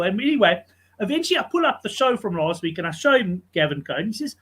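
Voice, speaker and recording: A man hosting a sports betting show, chatting casually and telling stories in an animated way. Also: high voice, fast, breathy edge. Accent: South African English.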